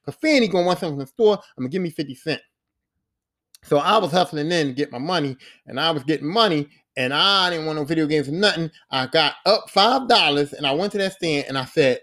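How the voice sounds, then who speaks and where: A podcast host with a high-pitched voice tells a casual, profane story at a quick pace. He's animated and acts out the voices of the people in it.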